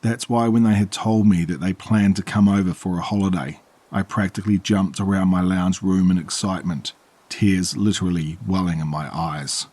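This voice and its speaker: A man narrating a horror story in a calm, measured way. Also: deep voice, breathy edge.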